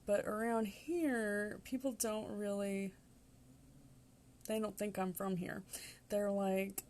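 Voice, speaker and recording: A chatty Southern woman in her forties hosts a tarot reading, rambling casually and laughing often. Her voice is medium-pitched with a darkish tone, and she speaks a little slowly.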